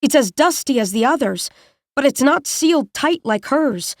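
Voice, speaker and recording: A woman reads a first-person story with measured, tense delivery. Her voice sits a little high. The sound is dry and close to the mic. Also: expressive, no echo. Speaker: audiobook narrator. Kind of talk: first-person scripted narration.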